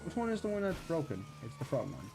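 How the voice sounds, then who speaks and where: A man's voice: fairly high pitch, huge pitch swings, quick pace, vocal fry, background noise. A man streaming a game, chatting casually and rambling as he thinks aloud. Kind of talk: casual gaming chat.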